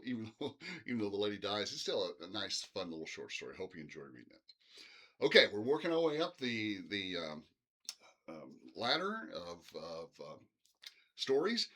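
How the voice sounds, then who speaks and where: A man's voice: on the low side, fairly bright tone. A middle-aged man teaching literature in a casual, rambling recorded lecture, full of fillers like "uh" and "um".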